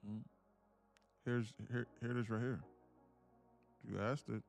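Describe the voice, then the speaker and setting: A man from with a gravelly voice, boasting about his trading and bantering with viewers on a live stream from his home apartment. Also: mid-range voice, level tone, measured pace, soft background music. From Atlanta, USA. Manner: boastful, teasing banter with chat. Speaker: day trader streamer.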